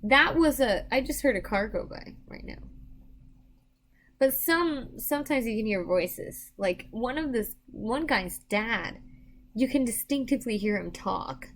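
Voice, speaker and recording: A woman's voice: a little high, expressive, a little slow. A tired woman doing psychic readings on a live stream, chatting casually with viewers and rambling with many restarts. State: tired, yawning.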